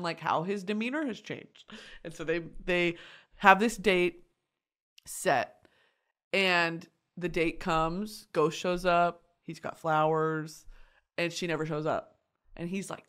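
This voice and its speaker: A woman vlogger retelling a story casually, swearing freely, laughing and shouting at times. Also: on the low side, a little slow. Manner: animated, profane, breaks into laughter and shouts.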